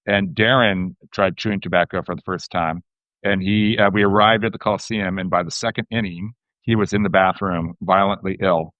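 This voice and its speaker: A man's voice: sits low, steady tone, moderate pace, no echo. A man hosting a podcast, telling a rambling story before asking his interview question. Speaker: podcast host. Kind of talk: casual interview chat. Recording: slightly muffled, dry.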